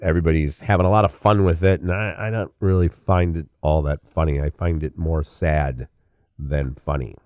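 Deep-voiced, opinionated male commentator. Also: steady tone, normal speed, a little mellow, no room sound, clean studio sound. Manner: conversational and opinionated, with frequent fillers and restarts. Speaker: entertainment commentator and host. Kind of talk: casual spoken commentary.

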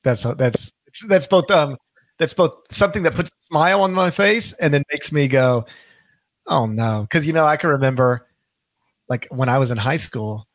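A man's voice: fairly high pitch, moderate pace, no echo. Middle-aged man, emphatic podcast host. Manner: rambling, self-correcting, emphatic. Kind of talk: casual podcast conversation.

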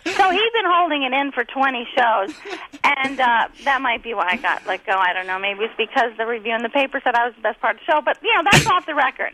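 A middle-aged woman with a high, bright, ringing voice chats as a guest. She rambles through her stories with frequent giggles and restarts. Her talk is casual and unscripted. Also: animated, fast, rough recording. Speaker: guest comedian. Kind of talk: casual chat, anecdotes.

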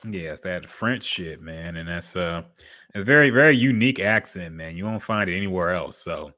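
A man's voice: sits low, expressive, normal speed, sharp tone. A man co-hosting a podcast, chatting casually in a laid-back, slangy, profane way. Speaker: podcast co-host.

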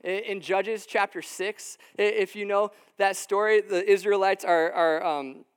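A man's voice: high voice, steady tone, measured pace, clear, resonant tone. A man preaching in a casual, conversational way, with lots of fillers and restarts, acting out what the people in his story say. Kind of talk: sermon. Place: room with a live audience.

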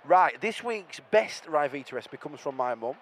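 Animated high-voiced man. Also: moderate pace, a little hiss or hum. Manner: animated, playful, mocking. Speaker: podcast co-host. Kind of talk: casual football podcast chat. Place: outdoors at a football stadium.

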